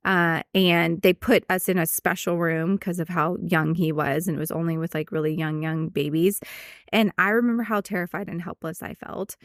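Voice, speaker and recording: A woman's voice: lowish voice, steady tone, moderate pace, no echo, clean studio sound. A woman in her thirties, a veterinarian hosting a podcast, explaining things in casual chat and laughing easily. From United States.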